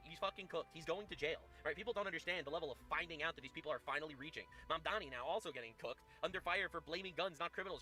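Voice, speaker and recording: A man commenting on news clips while streaming a game, talking in a fast, sarcastic, swearing way. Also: on the high side, bright, forceful tone. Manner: rapid, swearing, sarcastic and indignant. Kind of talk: casual political commentary over gameplay.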